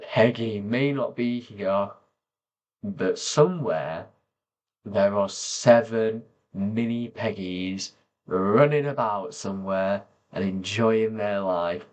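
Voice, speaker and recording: Man, low voice, very slow, soft-spoken, reflective vlog monologue, long pauses. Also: dull audio. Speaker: vlogger.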